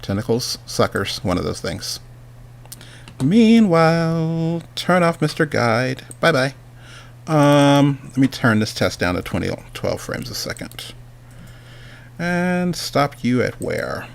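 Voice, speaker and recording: A man's voice: medium pitch, lively intonation, a little slow, vocal fry. A man hosting a livestream, chatting casually as he works and then interviewing a guest, rambling and talking to himself. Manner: rambling, chatty, talks to himself while working. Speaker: host.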